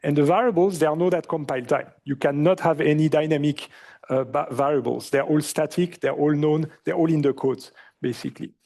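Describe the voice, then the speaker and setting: In a lecture hall, a male university lecturer with a French accent explains things in a lively way, often asking the class questions and using many fillers. His voice is on the high side with vocal fry, and he speaks fairly quickly.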